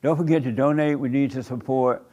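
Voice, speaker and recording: A man's voice: medium pitch, fairly even intonation, brisk, mellow, lo-fi sound. A man preaching a sermon in a church room, blunt and repetitive, with rhetorical questions. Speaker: pastor.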